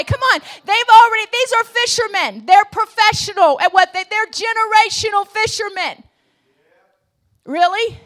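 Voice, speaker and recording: Woman preacher w/ a really high voice, goes from hushed to shouting, keeps asking the church how many know. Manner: call-and-response preaching, swinging between soft low passages and shouted peaks. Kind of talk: sermon.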